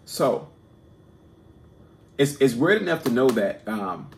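Guy with a gravelly voice running a loose poetry class, stumbles and repeats himself a lot, echoey room. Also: mid-range voice, big pitch swings, darkish tone, slight background noise. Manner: halting, many repeated words and restarts, keeps asking "right?"; self-deprecating and informal. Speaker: poetry teacher and host. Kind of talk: casual unscripted video lesson.

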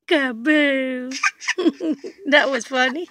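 A woman's voice: high voice, expressive, takes it slowly, long pauses, a bit bright, slight background noise. An older woman, a grandmother, talking baby talk to her toddler grandson in a sing-song, coaxing, playful way, outdoors in a back yard.

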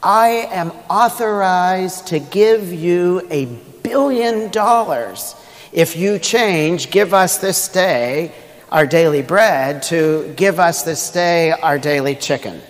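A man's voice: high-pitched, slow. A pastor voicing a persuasive male corporate salesman in a joke, in a reverberant church hall. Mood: pleading.

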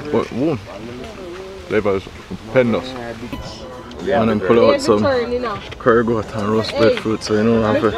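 A man with a mid-range voice tastes food on camera, exclaiming and humming as he describes each bite. He is outdoors at a riverside cookout. A loud crowd chatters behind him throughout. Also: mid-range voice. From Jamaica. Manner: savoring, with frequent exclamations and hums. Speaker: food vlogger host. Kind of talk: food tasting commentary.

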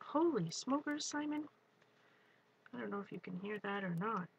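Woman livestream crafter, mid-range voice, chatty, easily excited. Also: mid-range voice, normal speed, vocal fry, slight background noise. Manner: excitable, talks while working, greets viewers. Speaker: art livestream host. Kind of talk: live crafting demo, chatty.

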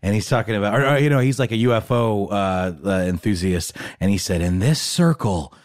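A man's voice: on the low side, fairly even intonation, fast talker, no room sound, studio quality. A man co-hosting a podcast, chiming in with playful joking asides in casual banter. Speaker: podcast co-host.

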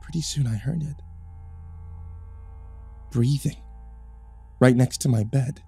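A man's voice: mid-range voice, takes it slowly, mellow, soft background music. A man narrating a first-person horror story in a tense, dramatic reading.

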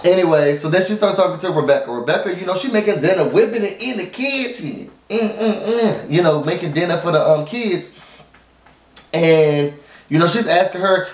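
A man talks through a TV episode in a loose, chatty way, speaking straight to his viewers. His voice sits a little high for a man. The sound bounces around a roomy space at home. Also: animated, normal speed. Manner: informal, addresses viewers as y'all; rambling with many fillers and restarts. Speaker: TV recap vlogger. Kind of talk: casual chatty recap. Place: at home, dog nearby.

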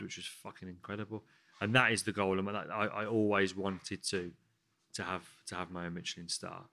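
A lower-pitched man tells a story as a guest on a podcast. He is animated and swears freely, with laughter running through the tale. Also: vocal fry. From England, Sutton Coldfield. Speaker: guest chef.

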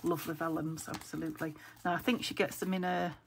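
A woman's voice: low voice, little pitch movement, fairly quick, vocal fry, a little hiss or hum, rough recording. A woman from England chatting casually as she sorts craft papers. She thinks aloud and keeps dropping to a whisper because her voice is weak and she is saving her throat. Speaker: craft vlogger. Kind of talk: casual chat while sorting craft papers. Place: craft room at home. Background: paper crinkling and clicks.

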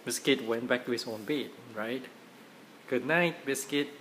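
A father reading a children's picture book aloud to his kids in a gentle, playful, animated way. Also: medium pitch, measured pace, slight background noise.

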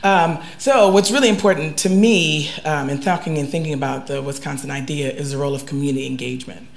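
A woman professor speaking on a university seminar panel in a relaxed, earnest, conversational way. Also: deep voice, quick pace, creaky. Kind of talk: seminar talk. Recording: echoey room.

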